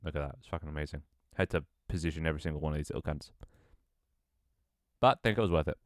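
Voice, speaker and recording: A man's voice: rumbling low, very fast, no room sound, clean studio sound. A tired, out-of-breath young man chatting casually with his livestream audience, sighing and swearing offhandedly. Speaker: Twitch streamer.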